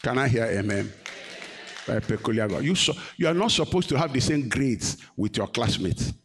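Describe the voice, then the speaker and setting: A man's voice: mid-range voice, animated, moderate pace, fairly bright tone, slight background noise. A man preaching a sermon, questioning the congregation and rising to emphatic peaks. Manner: call-and-response, questioning the congregation.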